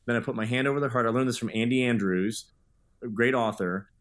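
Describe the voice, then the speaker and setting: A man's voice: mid-range voice, fast. Earnest storytelling man. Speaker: guest author. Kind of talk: podcast interview.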